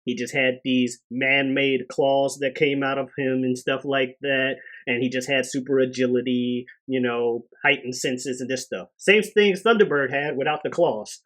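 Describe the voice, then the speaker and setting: A man on a casual podcast, telling a story with energy and loudly acting out the characters' lines. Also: medium pitch, fairly even intonation, normal speed, hardly any pauses. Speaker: podcast co-host. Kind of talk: casual chat.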